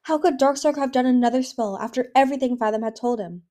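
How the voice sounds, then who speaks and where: A woman narrating a fantasy storybook in a steady, even reading voice. She now and then trips over a word and restarts, keeping a homemade feel. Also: high-pitched, fast talker, hardly any pauses. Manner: even, occasionally stumbling reading. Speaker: audiobook reader.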